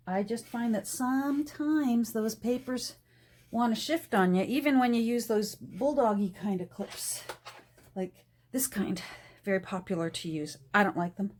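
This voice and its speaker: A woman's voice: mid-range voice, a little mellow. A middle-aged woman chatting casually about her craft as she works at her desk at home, laughing often and trailing off now and then. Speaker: journal-making vlogger. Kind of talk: casual chat while crafting.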